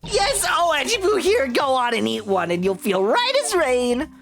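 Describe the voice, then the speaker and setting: A woman voicing a loud, bossy old lady who dotes on a younger man, scolding shrilly and then dropping to mutters. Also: high voice, big pitch swings, moderate pace, gravelly, soft background music, full character voice. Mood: doting.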